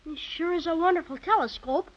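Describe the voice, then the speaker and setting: Eager young boy, old-time slang, very high, lively, muffled old radio recording. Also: a little fast. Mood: curious. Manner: exclaims old-fashioned slang. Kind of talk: 1930s radio acting.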